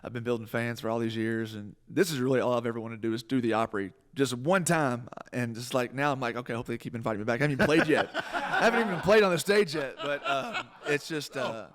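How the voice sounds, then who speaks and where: Animated man telling a story on live radio. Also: medium pitch, fast, few pauses. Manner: animated, laughing, many restarts. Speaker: guest country singer. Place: live radio stage in a food hall.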